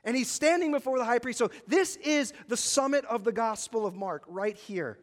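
Male pastor, high voice, dramatic sermon delivery with acted-out questions. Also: animated, moderate pace. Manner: dramatic preaching, acting out the high priest's questions.

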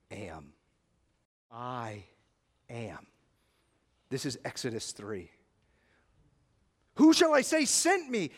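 Male pastor, high voice, dramatic sermon delivery with acted-out questions. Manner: dramatic preaching, acting out the high priest's questions.

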